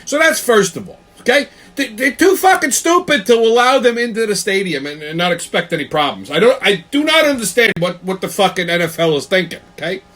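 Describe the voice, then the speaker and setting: A man's voice: high-pitched, expressive, fairly quick, few pauses, a bit bright. A man hosting his own show, ranting angrily about sports with constant swearing and a habit of tagging his lines with "okay?". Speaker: show host. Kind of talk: profane sports rant.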